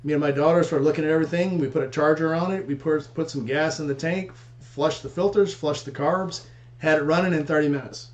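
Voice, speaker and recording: A man who fixes motorcycles as a hobby rattles off his stories at a quick clip in a casual chat, voicing each person's lines as he goes. His voice sits a touch high for a man. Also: fairly even intonation, highs cut off. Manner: rapid storyteller acting out dialogue.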